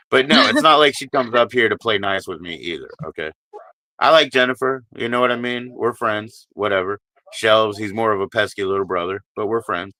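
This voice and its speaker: A man's voice: fairly low pitch, normal speed, bright, forceful tone, no echo. A man hosting a live stream, talking bluntly and profanely while consoling a caller. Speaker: livestream host. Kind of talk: casual live stream chat. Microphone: streaming mic.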